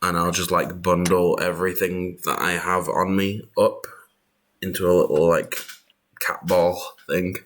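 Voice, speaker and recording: A man with a British accent, a player describing his character's actions in halting speech full of fillers. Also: low voice, little pitch movement, fairly bright tone, slight background noise. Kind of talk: casual table talk describing his character.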